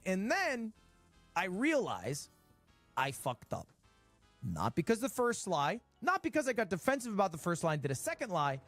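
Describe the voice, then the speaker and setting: Male streamer, late 20s, slightly high and very lively storyteller, wry. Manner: animated, wry storytelling with swings in pitch. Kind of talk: casual storytelling.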